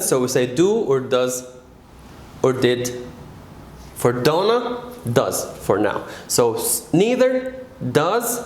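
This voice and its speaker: A man teaching an English grammar lesson, patient and stressing key words slowly. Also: medium pitch, reverberant, a little hiss or hum.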